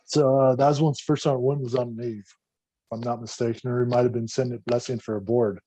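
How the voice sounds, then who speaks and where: A man, an army veteran guest on a podcast, telling war stories in a casual, profane, animated way. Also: medium pitch, a little fast, no echo, low-quality recording. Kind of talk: casual storytelling.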